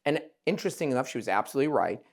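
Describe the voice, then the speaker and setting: A man's voice: medium pitch, animated, racing, creaky. A man hosting a podcast as a plastic surgeon, telling patient stories candidly, with casual swearing and acted-out quotes. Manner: candid storyteller, swears, acts out quoted voices. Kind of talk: casual conversation.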